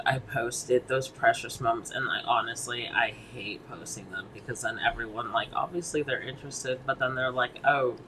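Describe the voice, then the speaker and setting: Over a noisy background, this medium-pitched man, a podcast co-host from the Boston area of Massachusetts, keeps things casual. His talk is relaxed and full of slang, with frequent cursing and laughter.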